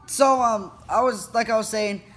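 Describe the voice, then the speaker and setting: A man's voice: sits high, normal speed, fairly bright tone. A teenage boy vlogging, retelling an incident in a rambling way full of fillers. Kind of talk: casual storytelling to camera.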